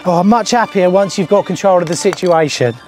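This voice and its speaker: Brisk and high-pitched with a darkish tone, a man presents a casual on-the-job plumbing tutorial inside a customer's bathroom. He chats and jokes to the camera while music plays under his voice.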